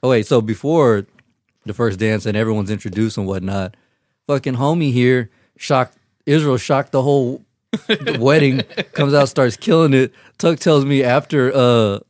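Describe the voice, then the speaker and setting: A man's voice: mid-range voice, normal speed, darkish tone, dry recording, clean studio sound. A young man, the groom, chatting casually with friends and telling stories with lots of laughter and swearing. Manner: laughing, profane storytelling. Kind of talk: casual chat among friends.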